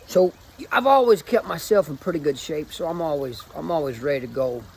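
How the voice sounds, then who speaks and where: A man's voice: a little high, expressive, brisk, a little mellow, breathy edge, poor audio. A man in his forties, a fitness coach, telling a rambling, self-mocking story in a put-on Cajun accent. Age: 40s. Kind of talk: casual storytelling video.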